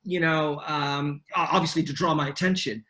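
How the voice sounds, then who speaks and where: A middle-aged man with a rather high voice rambles through a story, full of fillers and restarts. He comes through a video call, and his tone is bright and forceful. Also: steady tone, normal speed. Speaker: podcast guest. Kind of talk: casual chat.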